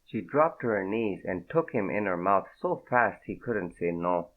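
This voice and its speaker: A man narrating an audiobook in a steady, unhurried reading. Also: deep voice. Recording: tinny phone-like audio.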